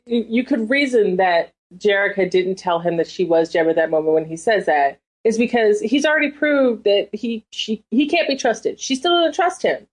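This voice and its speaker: A woman co-hosting a podcast over a remote call, chatting in a bubbly way, with lots of "like" and loud acted-out lines from the characters. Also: medium pitch, moderate pace, hardly any pauses. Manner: bubbly, uses "like" a lot, acts out characters loudly. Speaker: podcast co-host. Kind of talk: casual chat. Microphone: remote call mic.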